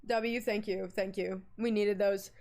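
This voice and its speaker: A woman's voice: mid-range voice, unhurried. A young woman streamer chatting casually on a live stream, swearing freely and telling stories dramatically. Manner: animated, swearing, dramatic storyteller.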